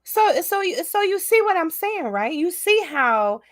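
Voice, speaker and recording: A woman vlogger telling a story straight to her viewers in a casual, animated way, laughing often. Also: very high-pitched, unhurried, no echo, clean studio sound.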